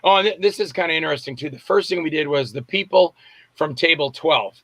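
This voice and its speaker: An older man from Florida, a guest actor and filmmaker, tells rambling stories in a casual interview and acts out what other people said. His voice is on the high side, fairly quick and a bit bright, with no echo.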